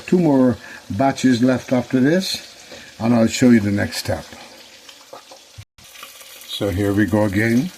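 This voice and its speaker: A man's voice: medium pitch, darkish tone, slight background noise, low-quality recording. A man hosting a casual cooking demonstration in his kitchen, chatting to viewers and repeating phrases as he works. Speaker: cooking show host.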